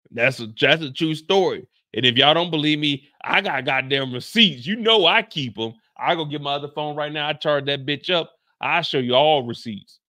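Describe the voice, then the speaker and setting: A man recapping a TV episode in casual storytelling style, animated and profane, loudly acting out quotes. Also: fairly high pitch, dry recording, clean studio sound. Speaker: recap host.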